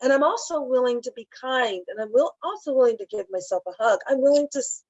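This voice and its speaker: A middle-aged woman speaking as a spiritual teacher, talking gently and emotionally about grief and often repeating her phrases. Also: sits high, animated, fast talker, few pauses, dry recording, muffled recording. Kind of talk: heartfelt talk on grief.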